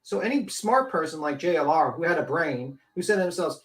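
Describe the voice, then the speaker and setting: A man's voice: fairly high pitch, lively intonation, a little fast, few pauses. A man hosting a commentary show, ranting bluntly and scornfully with heavy swearing. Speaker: commentary channel host.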